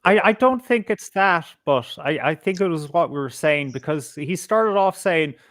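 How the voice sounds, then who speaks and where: A man's voice: on the high side, expressive, normal speed, a bit bright, dry recording, studio quality. A man co-hosting a live show, blunt and profane, often stumbling into restarts. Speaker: podcast co-host. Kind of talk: casual live-stream chat.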